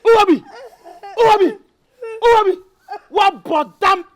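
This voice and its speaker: An actor playing a shrill, excitable comic character who chants the same words over and over. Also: a little slow, over a noisy crowd. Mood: giddy. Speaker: film character.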